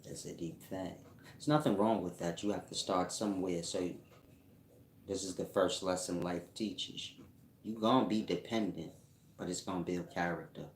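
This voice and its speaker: He's a livestream host and self-described spiritual teacher who reads comments from viewers and pokes fun at them, slangy and rambling, laughing often. His low voice keeps a fairly even intonation at normal speed, recorded in a roomy space with a little hiss or hum.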